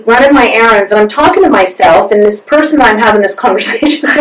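A woman on a podcast tells a story with a high, very lively voice that swoops up and down as she acts out both sides of each conversation. She sits a bit away from the mic, and the room echoes. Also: fairly quick, few pauses, slight background noise. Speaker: interview guest, massage therapist. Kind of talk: animated storytelling. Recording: roomy sound from a distance.

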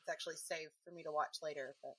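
A woman's voice: sits low, steady tone, quick pace, fairly bright tone. A woman with an Alabama accent co-hosting a podcast, chatting frankly and laughing often. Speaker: podcast co-host. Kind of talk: casual chat.

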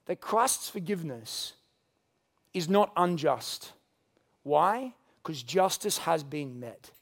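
A man preaching a sermon, swinging between loud emphatic lines and hushed quiet ones. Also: on the high side, expressive, slow pace, creaky. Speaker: pastor.

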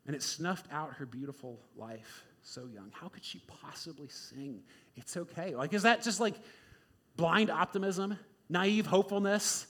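A male pastor giving a conversational sermon, informal and repetitive, swinging between loud emphasis and quiet asides. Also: fairly high pitch, slightly rough. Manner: informal, repeats words, many "like"s and "right?"s.

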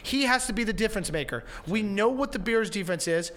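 High-voiced dude on a sports show going team by team through his rankings. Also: lively intonation, a little fast, fairly bright tone. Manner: assertive, lays out rankings point by point. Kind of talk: casual sports debate.

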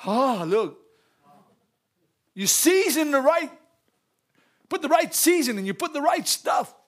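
Guy with a high voice giving a lively church talk, laughs a lot, repeats stuff. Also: slow. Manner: animated, laughs often, repeats phrases. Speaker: church speaker. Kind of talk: lively church message with storytelling.

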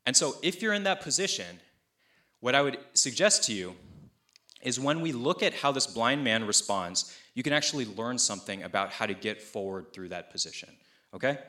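Bright-voiced young man preaching casually. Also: mid-range voice. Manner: conversational, animated storytelling with playful asides; acts out voices of people he quotes. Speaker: pastor. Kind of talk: sermon.

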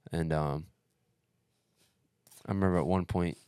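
Low-voiced man swearing through a story. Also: a little slow, clean tone, no echo. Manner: profane, animated storytelling with many fillers. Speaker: podcast co-host telling a race story. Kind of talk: casual chat.

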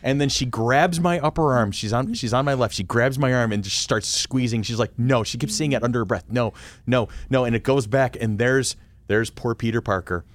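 Middle-aged male podcast host, lively raconteur, mimics voices. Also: medium pitch, fairly quick. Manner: animated storyteller, acts out voices. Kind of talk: casual podcast chat.

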